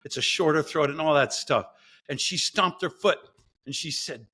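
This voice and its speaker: A man's voice: fairly high pitch, moderate pace, husky. A middle-aged man, a scientist guest on a podcast, telling stories and acting out the pep talks he gives himself. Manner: animated storyteller, acts out his own pep talks. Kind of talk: podcast interview.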